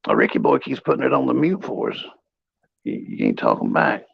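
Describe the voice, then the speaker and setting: A man's voice: mid-range voice, wildly swooping pitch, a little fast, vocal fry, slightly rough, no echo, dull audio. A man co-hosting a casual livestream chat, rambling through stories with crude language. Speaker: co-host.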